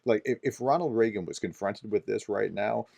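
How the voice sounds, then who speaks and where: Male professor type, lowish voice, chatty explainer with fillers, dry close-miked read. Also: moderate pace, gravelly, darkish tone, dry recording. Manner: conversational, explanatory, frequent "uh" fillers and restarts. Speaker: professor explaining war news. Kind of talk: daily news commentary video.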